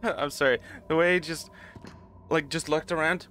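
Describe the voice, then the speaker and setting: A man's voice: on the high side, steady tone, moderate pace, pushed and bright, slight background noise. A man casually commenting on a game as he plays, rambling and chuckling at himself. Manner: rambling, self-mocking, laughs often. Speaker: gaming channel host. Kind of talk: casual let's play commentary.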